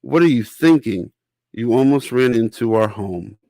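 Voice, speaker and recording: A man's voice: fairly low pitch, normal speed, no room sound, close to an everyday voice. Honey, a man reading a friendly queen bee. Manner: patient, instructive storybook speech. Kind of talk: reading a children's picture book aloud.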